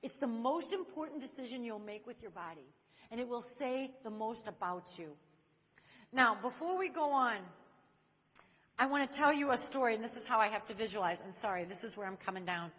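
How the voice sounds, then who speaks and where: A woman from Saint Louis is speaking to a live audience in a large convention hall, and the long reverb of the room trails after her words. Her voice sits slightly high. She is an animated storyteller who turns to her listeners directly as she makes her point. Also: a little fast. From Saint Louis, USA. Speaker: speaker on chastity. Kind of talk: inspirational talk to a live audience.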